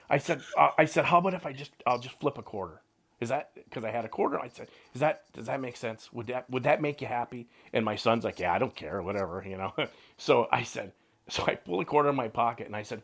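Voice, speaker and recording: A man's voice: medium pitch, fast talker, vocal fry. A middle-aged man telling a hunting story in a casual chat, acting out quotes and laughing often. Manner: animated, laughing storyteller who acts out quotes. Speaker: radio show host, hunting guide.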